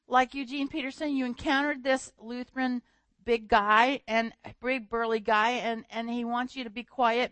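A woman preaching a sermon in a lively storytelling manner, often laughing. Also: on the high side, no room sound.

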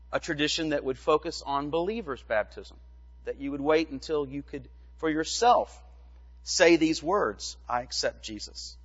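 A man's voice: on the high side, a bit bright, muffled recording. Man preaching in a reverberant church. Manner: measured teaching with rhetorical questions. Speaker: pastor. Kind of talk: sermon.

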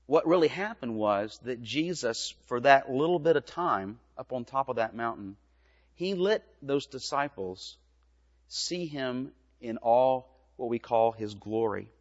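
A middle-aged man, a pastor, giving a gentle children's sermon in a church, telling a story in simple words. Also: medium pitch, animated, a little slow. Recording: reverberant church, dull lo-fi sound.

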